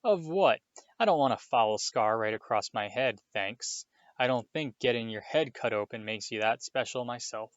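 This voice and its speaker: A man's voice: medium pitch, normal speed, no echo, close to an everyday voice. A man voicing a spiteful, sneering schoolboy bully with a scathing, mocking tone. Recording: dull, dry lo-fi recording.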